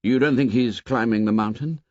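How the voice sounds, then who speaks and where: A man voicing a troubled, withdrawn boy who speaks quietly. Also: medium pitch, moderate pace, lightly acted. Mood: brooding. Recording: dull, dry studio audio.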